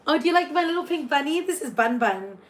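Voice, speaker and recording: Her voice is high, expressive and quick: a young Singaporean woman, accent and all, doing tarot readings on a casual livestream in her room. The talk pours out in a gushing, chatty stream, full of fillers and restarts.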